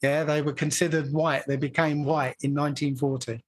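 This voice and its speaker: A man's voice: on the high side, level tone, normal speed. A man from England explaining a point at length in casual conversation, laughing now and then.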